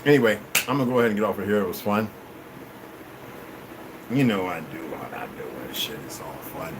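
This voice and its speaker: A man ranting on a livestream, cursing a lot and swinging between loud outbursts and low mutters. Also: lively intonation, a little fast, noisy background. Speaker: livestream host. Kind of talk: rambling livestream rant.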